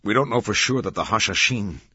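A man's voice: sits low, a little slow, a bit bright, breathy edge, dry recording, full character voice. A man doing a terse, scholarly male professor. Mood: tense. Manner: terse, near the narrator's own voice. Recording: dull, dry studio sound.

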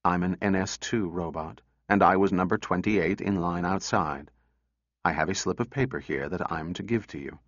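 A man reading a story, voicing a timid male robot that speaks in a low, hoarse, apologetic way. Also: very animated, unhurried, dry recording, muffled recording. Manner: hesitant, apologetic, deferential. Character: timid male robot, anxious and eager to please.

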